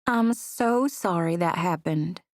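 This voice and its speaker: A woman's voice: on the low side, takes it slowly, no echo, clean studio sound. A woman voicing a flirty, newly divorced woman with a cooing Southern drawl.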